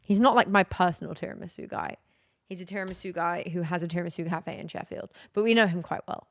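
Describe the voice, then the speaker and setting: A woman's voice: fairly low pitch, fast, no room sound. A young woman chatting casually on a live stream, rambling and giggly.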